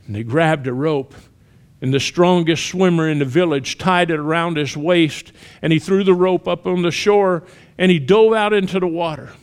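A man preaching a sermon, telling a story with shouted cries and then dropping to hushed, earnest appeals. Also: on the high side, moderate pace, clean tone.

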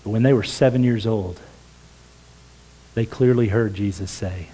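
A man preaching a sermon as pastor in a church, earnest, dropping to a hush for quoted words. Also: on the low side, measured pace, slightly rough, low-quality recording. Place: church sanctuary.

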